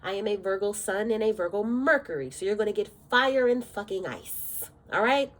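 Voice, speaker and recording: A woman's voice: mid-range voice, lively intonation, normal speed. A woman giving a casual tarot reading, fiery and direct, cursing freely, bothered by allergies. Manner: blunt, fiery, cursing often. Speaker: tarot reader.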